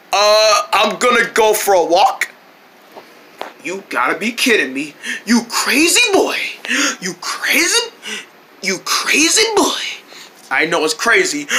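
A woman playing out a silly toy road-trip scene, switching quickly between many character voices with shouts and squeals. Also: mid-range voice, a little hiss or hum. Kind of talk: playful toy role-play with many voices.

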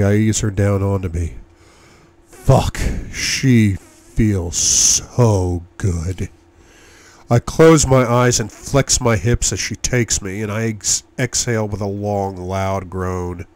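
Man reading an audiobook in a low voice. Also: darkish tone. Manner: intimate, measured first-person reading. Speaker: audiobook reader. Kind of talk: audiobook narration.

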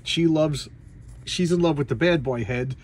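A man's voice: a little high, unhurried, a little mellow. A man casually retelling a comic book story in a vlog, rambling with many fillers and restarts. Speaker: comic book collector vlogger.

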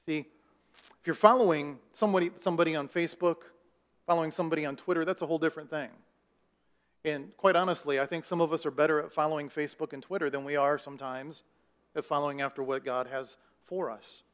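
A man's voice: fairly high pitch, steady tone, fast talker, fairly bright tone. A male pastor preaching a sermon in a conversational way, raising his voice for emphasis and putting questions to the congregation.

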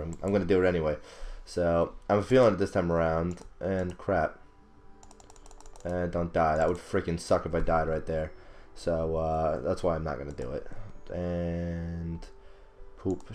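This young gaming commentator, who isn't British, has a low, slightly mellow voice. He rambles casually over his own gameplay, swearing a lot, laughing at himself, and blowing up in frustration.

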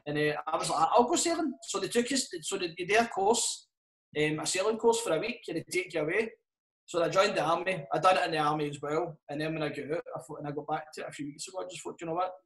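A man's voice: a little high, fast, fairly bright tone. A Scottish man and comedian chatting casually on a podcast, swearing a lot and laughing through his stories. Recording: roomy echo.

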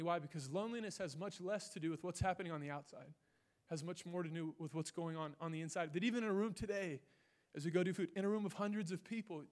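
High-voiced young pastor, swinging loud to hushed. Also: male voice. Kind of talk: sermon with personal story. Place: church stage.

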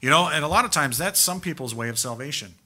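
A man preaching a sermon as pastor in a church, emphatic and animated, firing off rhetorical questions. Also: a little high, fast talker, husky. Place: church sanctuary.

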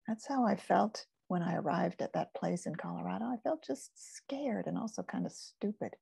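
An older woman teaching in a gentle, soothing manner, sometimes dropping to a soft whisper. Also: mid-range voice, a little slow, gravelly, slightly rough, no echo. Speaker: focusing teacher. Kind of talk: gentle guided teaching talk.

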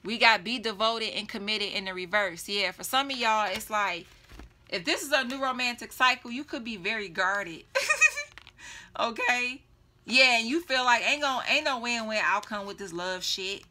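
A woman's voice: fairly high pitch, moderate pace, pushed and bright. A woman giving a casual tarot reading, chatty and blunt, laughing often and swearing freely. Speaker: tarot reader.

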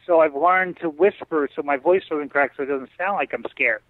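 Male guest, animated storyteller, slightly high voice, dry phone-like call audio. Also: normal speed, no room sound. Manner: animated storyteller, acts out others' lines. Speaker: interview guest. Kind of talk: storytelling in a casual interview. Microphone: video call.

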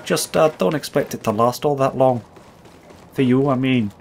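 A man's voice: mid-range voice, moderate pace, creaky, a little mellow, slight background noise, natural voice. A man voicing a crude, taunting gamer persona in a put-on accent he admits is not his own, trash-talking through gameplay commentary. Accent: put-on accent he says is not his own. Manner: foul-mouthed, brash trash talk. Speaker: host.

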